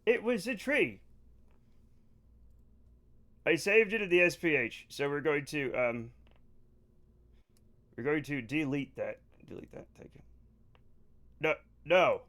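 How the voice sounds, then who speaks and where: A male streamer with a high, bright voice, talking through a live game session. He chats with viewers and breaks into loud, excited greetings and exclamations. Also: slow, pauses often.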